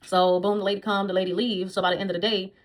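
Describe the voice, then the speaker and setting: A woman's voice: mid-range voice, little pitch movement, fast. A woman, a dog groomer, telling a blunt, profane storytime vlog about her old job.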